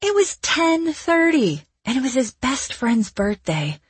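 A woman's voice: high voice, big pitch swings, a little slow, husky, dry recording. A woman narrating first-person fiction in a wry, conversational way. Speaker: audiobook narrator.

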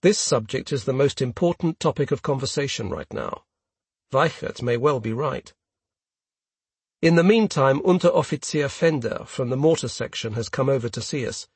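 A man reading a first-person story aloud in a measured, steady way. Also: medium pitch, breathy edge, no room sound. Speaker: audiobook narrator. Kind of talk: scripted first-person narration.

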